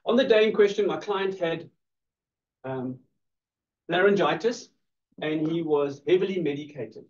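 A man's voice: on the high side, measured pace. A man giving a playful, teasing law lecture to a class, laughing often. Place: lecture room. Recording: distant echoey lo-fi room recording.

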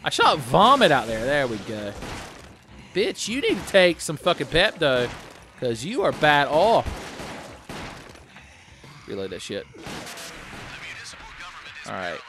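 A man's voice: fairly high pitch, huge pitch swings, slow pace, pauses often, slight background noise. A man hosting a late-night gaming show, giving profane, sarcastic let's-play commentary, a bit tipsy from drinking. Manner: profane, sarcastic, bursts into yelling.

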